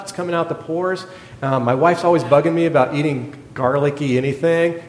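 A middle-aged man preaching a sermon, telling a hospital story in a lively way and acting out the other people's lines. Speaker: pastor, former hospital chaplain. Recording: echoey hall with a faint rumble.

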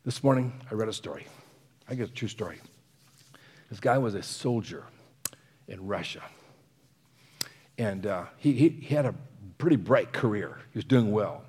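A man's voice: fairly low pitch, lively intonation, moderate pace, pauses often, darkish tone, breathy edge, in a large hall. A man preaching a sermon, earnest, often letting phrases fall to a near whisper and chuckling between points.

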